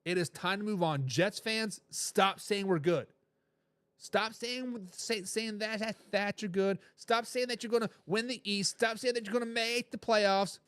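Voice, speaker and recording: A man with a high voice hosts a sports talk show. He hammers his points by repeating phrases and reads viewer comments aloud with a laugh. The sound is dry and close, with no room echo. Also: unhurried, a bit bright, clear, resonant tone. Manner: emphatic, repeats phrases for effect.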